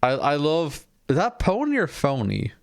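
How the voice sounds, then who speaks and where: A man's voice: on the high side, huge pitch swings, normal speed, creaky. A man casually chatting on a live stream while playing a game, rambling, self-deprecating and swearing offhand.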